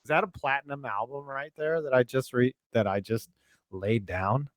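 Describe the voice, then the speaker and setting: A man's voice: medium pitch, moderate pace, no room sound. A man co-hosting a podcast in casual chat, joking and riffing with plenty of profanity. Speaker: podcast co-host.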